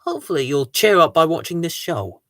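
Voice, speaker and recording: A host of a live Q&A stream, greeting viewers and reading their comments aloud in an excitable, sing-song way. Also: medium pitch, fairly quick, vocal fry, no echo, studio quality.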